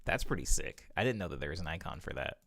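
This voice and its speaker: Gravelly, chatty young man producer. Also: extremely low pitch, animated, fast talker, a bit bright, no room sound. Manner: rambling, chuckles between thoughts, self-correcting. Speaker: music producer streaming. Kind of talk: casual chat while producing music. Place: home music studio.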